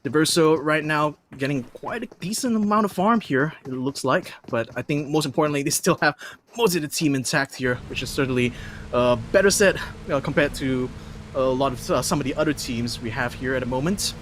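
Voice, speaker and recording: A man gives chatty, analytical live color commentary on a mobile esports match, filling gaps with "uh". His voice is a little high for a man. Faint noise hums behind him. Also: a bit bright. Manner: chatty, analytical, fills pauses with "uh". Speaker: esports caster.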